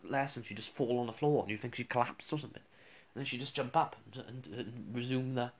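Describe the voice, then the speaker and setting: A man's voice: medium pitch, steady tone, a little fast. A man, a radio presenter, casually rambling through funny school anecdotes with restarts and chuckles.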